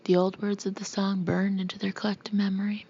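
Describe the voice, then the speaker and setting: A woman narrates a novel in a soft, hushed whisper, a whispered audiobook reading. Her voice sits at a middle pitch. The recording is dull and muffled. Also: little pitch movement, a little fast, creaky, husky.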